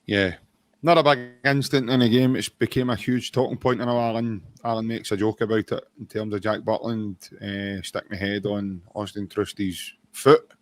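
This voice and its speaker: A man co-hosting a football podcast, talking in a casual, measured chat with many pauses and "um"s. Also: on the low side, fairly even intonation, no room sound. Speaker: podcast co-host.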